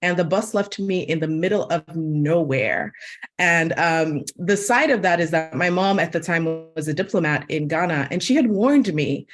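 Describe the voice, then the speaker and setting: A woman from Sierra Leone with an American accent tells an animated personal story on a webinar panel, using lots of "like" fillers. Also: fairly low pitch, normal speed. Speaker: webinar guest, media host.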